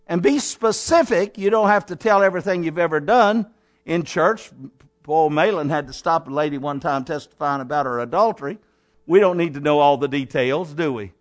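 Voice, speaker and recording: High-voiced man preaching with emphatic swings. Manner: emphatic, rising to near-shouts and dropping low, with rhetorical questions. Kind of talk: sermon.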